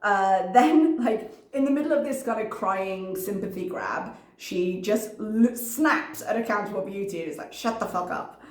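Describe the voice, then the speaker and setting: A woman's voice: mid-range voice, moderate pace, few pauses, roomy sound. A woman commentator reacting to a video in a casual, analytical way, working through her notes with frequent ums.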